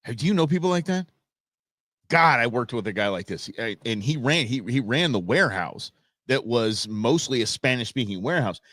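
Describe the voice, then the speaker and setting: A man's voice: medium pitch, expressive, normal speed, a bit bright, no echo, studio quality. A man hosting a live political commentary stream, reacting to clips with sarcastic, mocking asides and frequent laughter.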